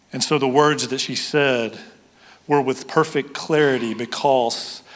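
A male pastor delivers a sermon in a fairly high voice. He swings from loud, excited storytelling down to quiet, hushed emphasis. His voice rings out through a large hall with a long reverb.

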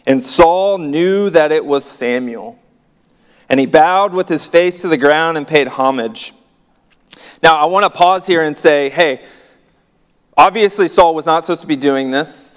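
A man's voice: fairly high pitch, measured pace, clean tone. Man preaching in a reverberant hall. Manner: conversational, wry asides, reads verses aloud. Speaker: pastor. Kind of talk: sermon reading and commenting on scripture.

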